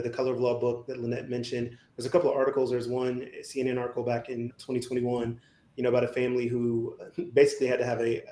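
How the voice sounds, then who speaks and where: Emphatic man co-hosting in an echoey room. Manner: animated, emphatic, rhetorical "right?". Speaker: podcast co-host. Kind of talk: casual podcast discussion. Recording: echoey room, faint rumble.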